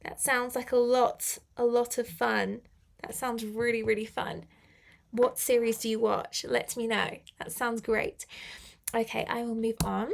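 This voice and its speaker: A woman's voice: a little high, little pitch movement, a little slow, vocal fry. A young woman teaching an English lesson on a live stream, chatty and upbeat, laughing often.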